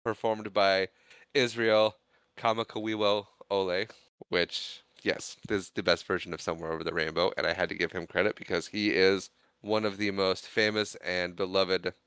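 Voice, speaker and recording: Podcast co-host, male, bright crisp voice, dry close mic, chatty movie recap with quick put-on voices for characters. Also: sits low, flat delivery, no echo. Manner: acts out characters' lines in exaggerated voices while recapping. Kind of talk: casual movie recap chat.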